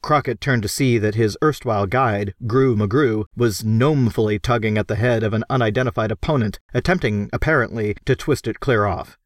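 A man narrating an audiobook in a lively, expressive storytelling manner. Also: lowish voice, fairly quick, hardly any pauses, no room sound, studio quality.

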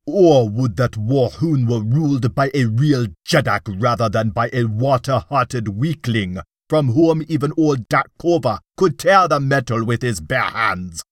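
A man voicing a huge, scarred old Martian warrior chieftain who speaks in a loud, menacing voice. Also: medium pitch, expressive, slow pace, no echo, studio quality. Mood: menacing roar.

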